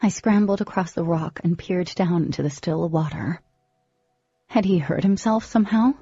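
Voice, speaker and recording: Woman audiobook narrator, expressive and dramatic, low warm voice, dull recording, faint music. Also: moderate pace, slightly rough, dry recording. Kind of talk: first-person audiobook narration.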